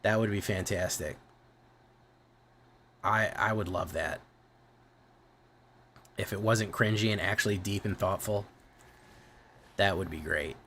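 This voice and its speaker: A man's voice: sits low, steady tone, measured pace, vocal fry, long pauses, sharp tone, slight background noise. A young man with a Midwest American accent, chatting casually and profanely on a game stream, often restarting his sentences. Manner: profane, rambling, self-correcting. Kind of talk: casual livestream chat.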